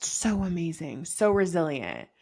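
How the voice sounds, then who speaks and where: A woman's voice: fairly low pitch, very animated, a little slow, gravelly, a little mellow, husky. Chatty young woman, laughing often. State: pregnant. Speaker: podcast co-host. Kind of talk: casual podcast chat.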